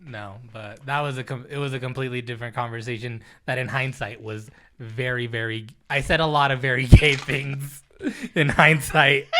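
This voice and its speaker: A man's voice: mid-range voice, pushed and bright, slight background noise. A young man co-hosting a podcast, telling stories in casual chat, laughing often and acting out what people said. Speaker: podcast co-host.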